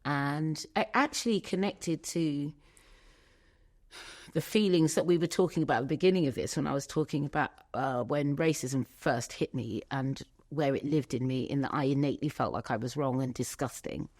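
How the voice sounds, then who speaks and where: A woman telling a painful personal story as an interview guest, emotional and searching, with pauses. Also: sits low, a little mellow.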